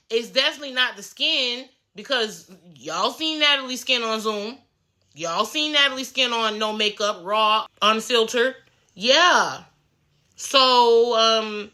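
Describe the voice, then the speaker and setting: Bright-voiced blunt woman commentator. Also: a little high, poor audio. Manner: blunt, profane and sassy. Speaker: reality TV commentator. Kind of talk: casual reaction commentary.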